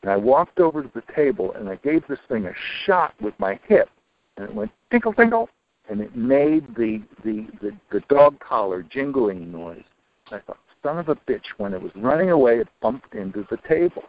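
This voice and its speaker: A retired older man telling a long personal story in an interview, rambling with many restarts and dropping into low, muttered asides. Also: very animated, moderate pace, gravelly. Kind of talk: casual storytelling. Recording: dull lo-fi recording.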